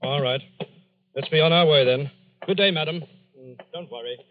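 A man playing a calm, authoritative police detective in a vintage radio drama. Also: fairly high pitch, moderate pace, lightly acted. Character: brisk male police detective. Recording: dull lo-fi old radio recording.

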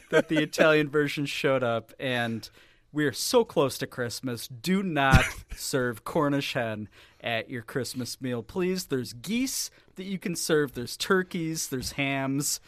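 A man co-hosting a casual sports podcast, wry and deadpan with bursts of laughter. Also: fairly high pitch, measured pace, dry recording. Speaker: podcast co-host.

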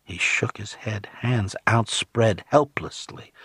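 A man narrates an audiobook in the first person with measured, steady storytelling. His deep voice moves at an unhurried pace. The close studio mic gives a dry sound with no room around it. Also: husky, dry recording.

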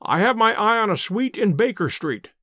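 Man reading eccentric male detective, brisk, confiding, high voice, very dry sound. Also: sing-song, sharp tone, dry recording, full character voice. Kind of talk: audiobook character reading.

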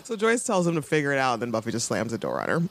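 A podcast co-host in casual chat recapping a TV episode, joking and mimicking characters with big jumps in pitch. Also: huge pitch swings, rapid-fire, fairly bright tone.

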